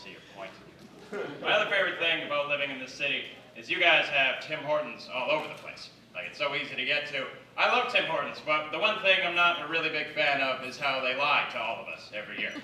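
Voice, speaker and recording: Bright-voiced stand-up comic from the Yukon. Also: male voice, a little high, expressive, quick pace, a little hiss or hum. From Yukon, Canada. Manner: conversational, self-deprecating, with acted quotes. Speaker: stand-up comedian. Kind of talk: stand-up comedy set. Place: theatre stage with audience. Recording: echoey theatre, mic at a distance.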